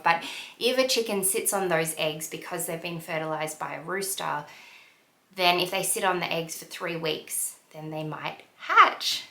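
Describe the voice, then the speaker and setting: An excitable woman chats to the camera from her home kitchen, talking so eagerly she forgets to breathe. Her voice is sharp and bright, set a little low for a woman. The room is echoey. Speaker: lifestyle vlogger. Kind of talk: casual chat to camera.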